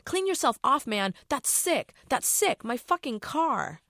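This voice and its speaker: A woman reading aloud voices an angry young male driver yelling in outrage. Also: very high voice, big pitch swings, slow pace, creaky, no echo, studio quality, pitched above the performer's own voice, full character voice. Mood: outraged.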